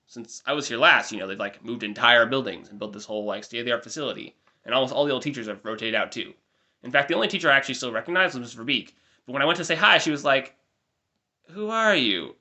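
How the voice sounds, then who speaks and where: Speaking quickly, a young American vlogger in his twenties gives a relaxed, diary-like update. His mid-range voice comes across bright and forward as he strays into talkative, self-mocking tangents.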